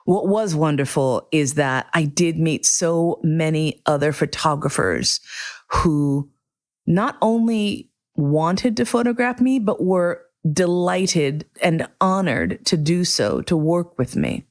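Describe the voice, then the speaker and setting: Host, woman, middle-aged, low register, candid and profane storyteller. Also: lively intonation, slow. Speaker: podcast host. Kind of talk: casual storytelling monologue.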